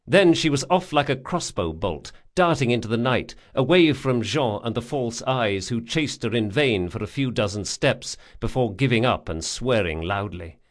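Male audiobook narrator, scripted, lively animated pitch. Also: normal speed, few pauses.

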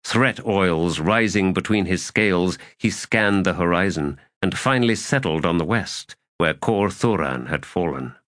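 A man with a lowish voice narrates a fantasy audiobook. His delivery is grave and measured, with dramatic weight. The sound is dry and close. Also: a bit bright, no room sound.

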